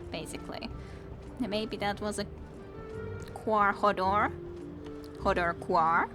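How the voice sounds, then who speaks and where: A woman's voice: medium pitch, fairly even intonation, slow, pauses often. A young woman, chatting and giggling as she streams a game and talks to the enemies she fights. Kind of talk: casual let's-play commentary. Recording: game music playing under the voice. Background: video game music.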